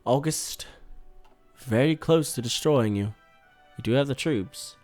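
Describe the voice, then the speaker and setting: A man giving casual, swear-laced commentary while playing a strategy game, bursting out loudly when things go wrong. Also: mid-range voice, measured pace, faint music behind. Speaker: gaming YouTuber.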